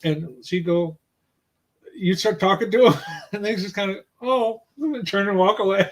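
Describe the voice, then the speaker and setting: A man's voice: high-pitched, moderate pace, rough recording. A man in a casual chat who backs up his wife with short agreeing replies and finishes her sentences. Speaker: co-host of a couple's channel.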